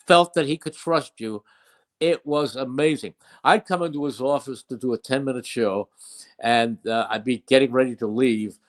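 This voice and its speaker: An older male broadcaster recounting old stories with fond emphasis, his voice sitting at a steady middle pitch. He leans into punchlines and repeats phrases for effect, in a relaxed interview chat. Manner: anecdotal, fond, emphatic retelling. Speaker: play-by-play broadcaster. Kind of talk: storytelling interview.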